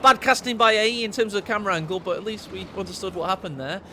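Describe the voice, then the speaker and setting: High-voiced excitable male game caster. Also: fast, a little hiss or hum. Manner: excitable, cheeky, jokes at co-caster. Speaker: game commentator. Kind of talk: live game commentary. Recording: loud game battle sounds behind.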